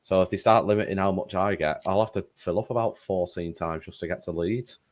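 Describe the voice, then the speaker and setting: A man's voice: sits low, fairly quick, dry recording. A man chatting as a guest fan in a casual stream, dry and matter-of-fact.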